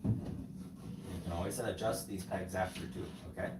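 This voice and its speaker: A man's voice: deep voice, steady tone, unhurried, echoey room. A middle-aged American man coaching his wife through a build step by step, teasing her in casual livestream chat. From United States. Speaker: husband and co-host. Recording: noisy home livestream.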